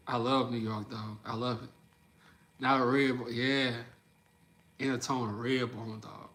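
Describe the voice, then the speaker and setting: Hosting a livestream, this Midwestern US man talks casually with his viewers, full of slang and frequent laughs. His medium-pitched voice is fairly bright, with little pitch movement, a measured pace and long pauses.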